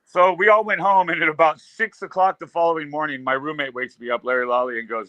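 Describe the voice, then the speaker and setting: Bright-voiced man telling rambling stories. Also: fairly high pitch, steady tone, quick pace, no room sound, lo-fi sound. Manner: rambling anecdotes with loose fillers. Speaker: guest musician. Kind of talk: casual storytelling.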